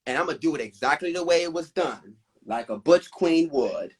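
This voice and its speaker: Animated, swearing male host telling a story. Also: fairly high pitch, fairly quick, heavy background noise. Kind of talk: casual live-stream storytelling.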